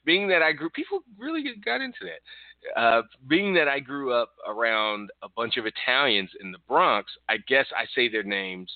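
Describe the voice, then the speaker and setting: A man's voice: mid-range voice, big pitch swings, normal speed, dry recording. A man from the northeastern US co-hosting a wrestling podcast, rambling casually and laughing often as he tells a story. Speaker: podcast co-host. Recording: dry phone-like line.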